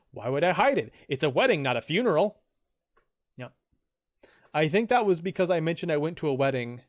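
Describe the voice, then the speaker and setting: While streaming a game, this man reads out what viewers wrote, his casual talk wandering freely. Each time he quotes someone, he leaps into a loud, high voice.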